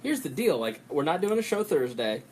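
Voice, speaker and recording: A man hosting a podcast, talking in a rambling, profane way and breaking into quick impressions. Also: fairly high pitch, very animated, darkish tone, a little hiss or hum. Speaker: podcast host. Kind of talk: casual podcast chat.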